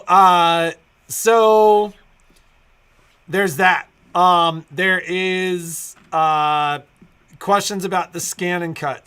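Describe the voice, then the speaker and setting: A man's voice: high-pitched, fairly bright tone, clear, resonant tone. A middle-aged man hosting a casual livestream for his store, rambling through updates with many "so, um" fillers and restarts.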